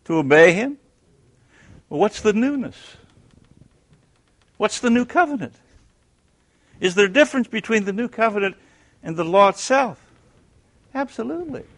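A man teaching a Bible class who questions his listeners, answers himself, and swings between loud emphasis and hushed tones. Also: high voice, lively intonation, normal speed, pauses often.

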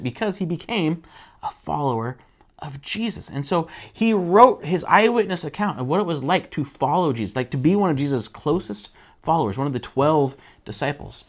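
A man preaching a casual, conversational sermon as a church pastor, acting out the people he quotes. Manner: animated, conversational, acts out quotes with jumps in pitch.

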